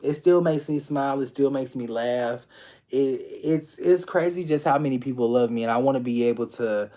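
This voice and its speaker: Speaking affectionately and directly to viewers, a male tarot reader goes through a live reading in a loose, conversational way, looping back on his phrases and tossing in curse words. He has a medium-pitched, warm voice at a normal speed.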